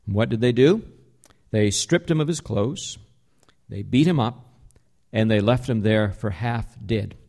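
A man delivering a sermon as pastor, in a conversational, explanatory way, slowing down to stress key words. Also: medium pitch, a little mellow.

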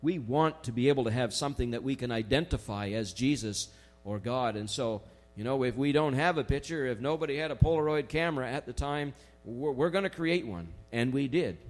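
A man preaching a sermon in a conversational way, slowing down to stress key phrases. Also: mid-range voice, faint music behind. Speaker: pastor.

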